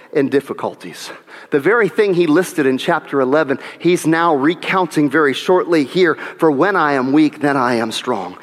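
Male pastor, high voice, animated sermon, acts out voices, long hall reverb. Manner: animated, acts out biblical voices, swings between loud and hushed.

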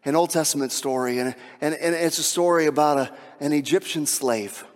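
A man preaching a sermon with emphatic delivery, swinging from hushed, intimate passages to shouted climaxes. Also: on the high side, moderate pace, long reverb tail. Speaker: pastor.

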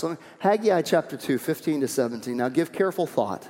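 High-voiced emphatic male preacher. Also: expressive, a little fast, mellow. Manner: emphatic, repeats key phrases; coaxing calls to the congregation. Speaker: pastor. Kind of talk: sermon. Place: church sanctuary. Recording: long hall reverb.

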